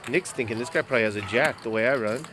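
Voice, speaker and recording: A man's voice: medium pitch, background noise. Analytical male poker commentator. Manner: analytical, measured. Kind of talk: live play-by-play commentary.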